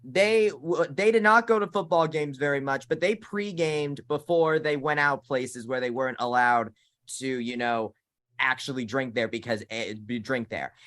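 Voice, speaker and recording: A man's voice: mid-range voice, normal speed, a bit bright. Young man co-hosting a sports podcast. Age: 20s. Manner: hesitant, many restarts and fillers. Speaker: podcast co-host, college student. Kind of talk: casual sports chat.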